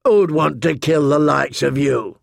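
A man reading as a blunt, mocking sellsword from a fantasy story. The voice is pitched up and gravelly, close and dry. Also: measured pace, dry recording. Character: cocky, mocking male sellsword.

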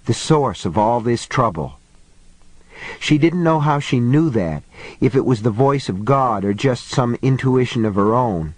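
A man narrating a novel aloud in steady storytelling. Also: medium pitch, dry recording. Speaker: audiobook narrator.

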